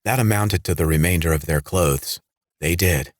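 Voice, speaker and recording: Deep-voiced male audiobook narrator. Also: normal speed, dry recording, studio quality. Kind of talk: scripted horror narration.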